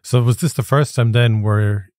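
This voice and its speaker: A man's voice: medium pitch, fairly even intonation, normal speed, darkish tone, no echo, studio quality. A man who hosts a podcast, asking short follow-up questions in a casual interview. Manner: brief prompts and follow-up questions. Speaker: podcast host.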